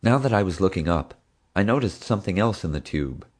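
A man narrating a story in a steady storytelling manner. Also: deep voice, fairly quick. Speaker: audiobook narrator. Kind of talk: scripted narration.

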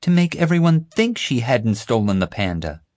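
A man voicing an eager, excitable girl in an audiobook. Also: a little high, normal speed, no room sound, studio quality, pitched above the performer's own voice. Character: girl, eager and easily shocked.

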